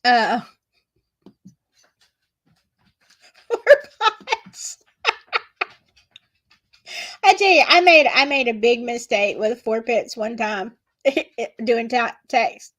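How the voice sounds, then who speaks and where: Slow, chatty Southern woman streamer. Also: fairly high pitch, lively intonation, a bit bright. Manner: chatty, gossipy, reads chat aloud. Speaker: livestream host. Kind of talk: casual livestream chat.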